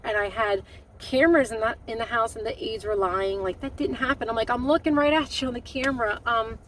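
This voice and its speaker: A woman's voice: mid-range voice, a bit bright, distant mic, a little hiss or hum, poor audio. Woman telling a painful family story. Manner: emotional, halting, many restarts and fillers. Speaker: vlogger. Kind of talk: personal storytelling to camera.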